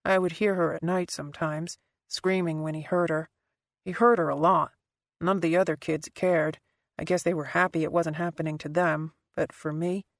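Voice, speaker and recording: A woman reading an audiobook and voicing a guarded, quiet man who speaks in a soft, halting way. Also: fairly even intonation, dry recording, clean studio sound. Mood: subdued. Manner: soft, halting, low-key delivery. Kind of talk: audiobook character voice.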